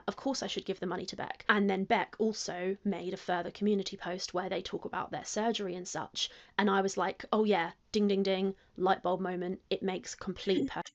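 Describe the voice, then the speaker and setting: Woman, gravelly voice, self-justifying talk to camera, muffled clip sound. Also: medium pitch. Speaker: youtuber being reacted to. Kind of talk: explaining to camera.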